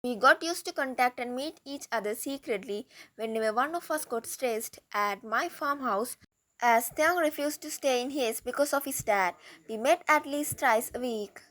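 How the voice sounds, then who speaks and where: A woman's voice: sits high, normal speed, a bit bright. Woman voicing a cool, guarded young man. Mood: musing. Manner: cold, matter-of-fact.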